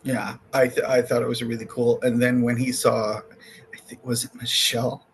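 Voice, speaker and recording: A man chats casually as a podcast guest, with a gravelly, creaky edge to his mid-range voice. He animates his stories by playing out both sides of conversations and laughs often. Faint background noise sits under the recording. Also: mid-range voice, moderate pace. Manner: animated storyteller who acts out quoted exchanges, laughing often. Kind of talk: casual chat.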